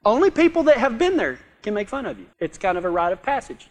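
A man preaching a sermon in a folksy, joking way, swinging from loud to hushed. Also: high-pitched, sing-song, fast. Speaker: pastor. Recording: long hall reverb.

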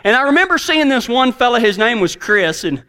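A man's voice: extremely high pitch, big pitch swings, a little fast, sharp tone, smooth. A middle-aged man with a Texan accent, telling a folksy story as a cowboy preacher in a sermon. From Texas.

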